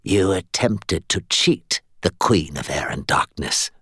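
A man voicing a cold, ancient female fae queen who speaks in a slow, measured hiss. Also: deep voice, animated, fairly bright tone, breathy edge, dry recording, studio quality, heavily acted. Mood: menacing. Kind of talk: audiobook character voice.

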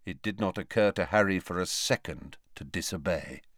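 A man's voice: low-pitched, animated, moderate pace, fairly bright tone, no echo, clean studio sound. A man narrating a novel as an audiobook, with dramatic storytelling. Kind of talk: scripted narration.

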